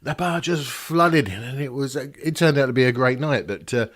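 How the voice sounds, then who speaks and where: A man's voice: mid-range voice, moderate pace. An older man, hosting a casual Q&A vlog in a rambling, self-mocking way, often laughing at himself. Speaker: vlog host answering viewer questions.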